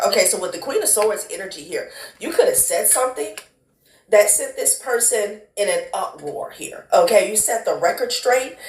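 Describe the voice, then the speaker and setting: A woman doing a casual tarot reading, blunt and profane, who calls the listener honey and child. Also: mid-range voice. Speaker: tarot card reader. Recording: echoey room.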